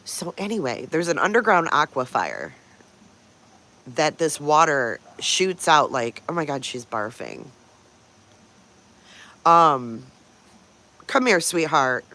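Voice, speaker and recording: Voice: medium pitch, big pitch swings, slow pace, pauses often, pushed and bright. A livestream host chatting casually over morning coffee, stopping often to greet viewers by name and to coo at pet dogs.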